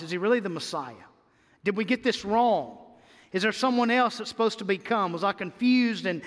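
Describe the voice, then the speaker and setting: A man with a high voice preaches a sermon, swinging between hushed reflection and emphatic peaks. His words ring out with a long hall reverb behind them. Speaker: pastor.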